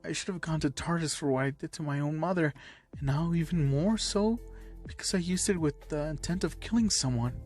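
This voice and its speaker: A distressed teenage boy with a shaky, halting voice, always on the edge of tears, as a male reader puts him on. He pushes his voice up higher and louder when upset, over soft background music. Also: natural voice. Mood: tearful. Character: troubled teen boy hero student, tearful.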